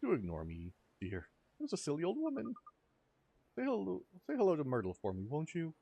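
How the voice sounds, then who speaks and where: A man's voice: on the high side, huge pitch swings, fairly quick, creaky, dark tone, slightly rough, no room sound, dull audio, exaggerated voice. Man doing gossipy old neighbor lady. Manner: fussy, gossiping, sympathetic. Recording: faint music behind.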